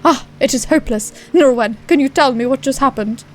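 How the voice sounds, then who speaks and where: A woman's voice: high voice, fairly quick. A woman streaming a game, chatting casually and giggling with viewers. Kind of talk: casual chat.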